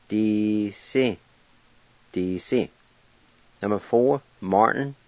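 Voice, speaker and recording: Slow, patient man teaching vocabulary. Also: lowish voice, no echo. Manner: deliberate, spells letter by letter and repeats each word. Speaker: language teacher on a radio show. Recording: dull, lo-fi radio recording.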